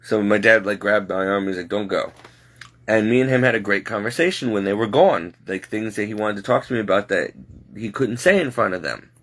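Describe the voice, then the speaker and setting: A man casually telling a personal story in an earnest, halting way. He often restarts his sentences and speaks openly about God and the supernatural. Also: on the low side, fairly bright tone. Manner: earnest, halting, circles back on itself.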